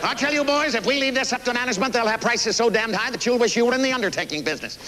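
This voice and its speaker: An actor playing a blunt, folksy older American president with a Missouri accent, performing live on stage. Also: male voice, very high voice, rapid-fire, pushed and bright, a little hiss or hum, low-quality recording. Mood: fiery. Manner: folksy, salty, emphatic. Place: theater stage.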